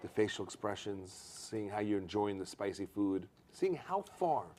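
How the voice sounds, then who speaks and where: A man's voice: lowish voice, very animated, normal speed, darkish tone. A male host teasing his guest in a casual chat, egging him on.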